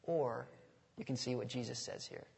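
Gravelly male pastor in a reverberant hall. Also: mid-range voice, normal speed, darkish tone. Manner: conversational, asks the audience questions. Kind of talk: sermon. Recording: long reverb of a large hall.

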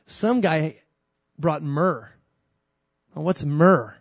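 A male pastor preaching a sermon in an animated, conversational way, jumping between loud emphasis and soft asides, with humorous asides. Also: on the high side, very slow, dry recording, muffled recording.

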